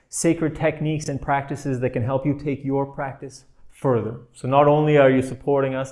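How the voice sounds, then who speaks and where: A man teaching a meditation class in a gentle, playful way, often laughing softly as he explains. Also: medium pitch.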